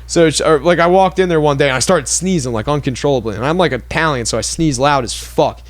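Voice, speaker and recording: A man's voice: on the high side, quick pace, no echo. A young man telling a rambling, profane story on a casual podcast. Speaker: podcast host.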